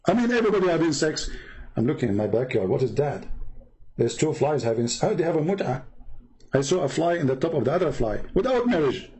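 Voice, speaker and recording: A man giving polemical commentary over a shared screen, sarcastic and mocking, dropping into low mutters and jumping to high exclaims. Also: very animated, fast, mellow, low-quality recording. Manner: sarcastic and mocking, with mock-pious asides. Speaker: online commentator.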